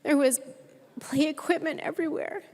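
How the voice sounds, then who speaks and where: A fairly high-voiced woman lawmaker speaks at a podium microphone, earnestly telling a personal story and voicing the people in it. Her words ring out with a long reverb from the large legislative chamber. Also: fairly even intonation, normal speed, a little mellow. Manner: earnest storytelling with acted-out quotes. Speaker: state legislator.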